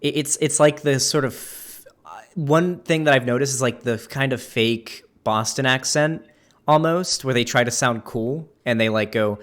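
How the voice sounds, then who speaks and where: A man's voice: mid-range voice, unhurried, fairly bright tone. A man hosting a casual conversation, rambling with many fillers and restarts. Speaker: streamer and host.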